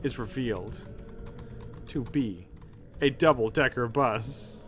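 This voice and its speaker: A man streaming himself reading an AI text game aloud, mostly deadpan but breaking into laughter. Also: mid-range voice, slow, soft background music.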